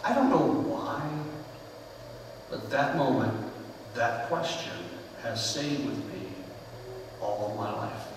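A man preaching a conversational sermon in a church sanctuary, telling personal stories earnestly and letting his phrases fall softly at the ends. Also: medium pitch, lively intonation, slow, long pauses, noisy background. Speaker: pastor. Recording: echoey sanctuary with long reverb, far from the mic.

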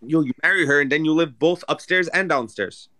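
Fast teasing man on a livestream. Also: fairly high pitch, bright, forceful tone, no room sound. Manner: teasing, asks questions. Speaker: livestream guest. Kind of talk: casual chat on a livestream.

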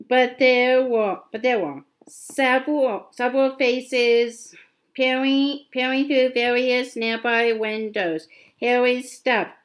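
A woman's voice: fairly high pitch, low-quality recording. A woman reading a novel aloud, often stumbling and repeating words. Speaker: reader.

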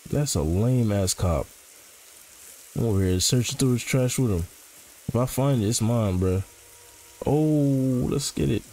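A man's voice: medium pitch, expressive, a little slow, long pauses, mellow, a little hiss or hum, poor audio. A man casually commentating as he plays a horror game, joking in slang and reacting to what happens. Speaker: gaming channel host.

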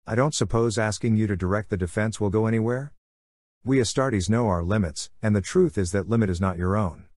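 A veteran male warrior-monk speaks calmly and in measured terms, as a man reads his part. His voice sits low. The sound is close and dry. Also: dry recording, lightly acted.

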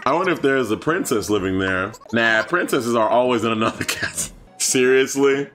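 A man's voice: mid-range voice, moderate pace, a bit bright, faint music behind. A man giving goofy, joking commentary on a video game and putting on voices for the characters. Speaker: gaming channel host. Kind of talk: let's play commentary.

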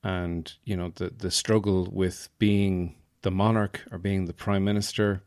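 A man's voice: low-pitched, flat delivery, a little slow, a little mellow, smooth. A man hosting a solo podcast, chatting casually and rambling from thought to thought. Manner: rambling, meandering, many fillers and restarts. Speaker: podcast host.

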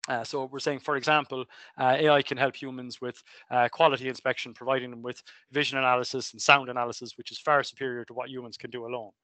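Irish male lecturer with a bright tone. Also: mid-range voice, little pitch movement, fast, no echo. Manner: chatty, filler-heavy, self-correcting. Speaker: engineering lecturer. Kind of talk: recorded online lecture. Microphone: webcam mic.

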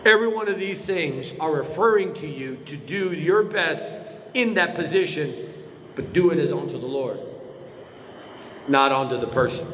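A male pastor preaching in a church, his high voice swinging widely up and down. He presses his points with repeated rhetorical questions to the people in front of him. The sound carries a long reverberant church-hall tail over a faint ambient hiss. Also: lively intonation, moderate pace, fairly bright tone. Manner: emphatic preaching with frequent rhetorical questions to the congregation. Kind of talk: sermon. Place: church sanctuary.

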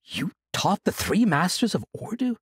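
A man voicing a calm, respectful young hero who speaks slowly in an audiobook. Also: high voice, breathy edge, dry recording, clean studio sound, voice pushed up, heavily acted. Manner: slow and calm.

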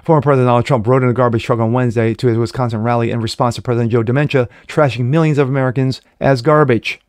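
A man's voice: medium pitch, fairly even intonation, very fast, darkish tone, no echo, studio quality. A man reading news items aloud and breaking off for mocking asides, full of fillers and self-corrections. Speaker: online political commentator. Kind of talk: reading news with personal commentary.

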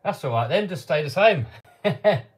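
A man with a voice on the higher side runs a relaxed live Q&A from his home workshop. He reads viewer questions aloud and answers offhand, now and then chuckling to himself. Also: moderate pace. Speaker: channel host answering live chat. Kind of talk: casual live-stream Q&A.

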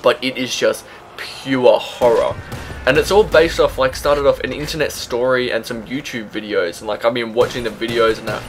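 Chatty young gaming commentator. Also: male voice, mid-range voice, fairly even intonation, moderate pace, faint music behind. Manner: chatty, swears freely, laughs at himself. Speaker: gaming YouTuber. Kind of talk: casual gameplay commentary.

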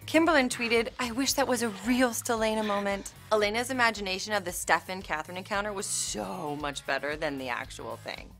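A woman's voice: mid-range voice, brisk, hardly any pauses, fairly bright tone, faint music behind. A young adult woman hosting a recap show in a bubbly, playful way, reading out fan tweets. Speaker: host.

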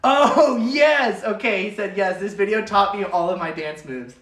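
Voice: medium pitch, measured pace, fairly bright tone. A livestream host, chatting casually about dance videos in an upbeat, rambling way full of fillers. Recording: roomy sound from a distant mic.

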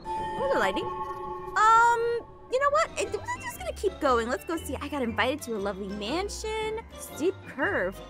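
A woman narrating and acting in a Minecraft role-play, excitable and full of gasps. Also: very high voice, unhurried, music in the background.

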